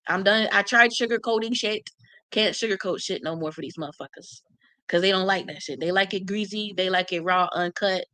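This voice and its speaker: A woman's voice: mid-range voice, brisk, a bit bright, dry recording. Woman w aave talking trash on her livestream, blunt and cussing a lot, dry close sound. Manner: blunt, profane, brash, talks back to commenters. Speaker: channel host reading live comments. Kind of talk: casual livestream chat.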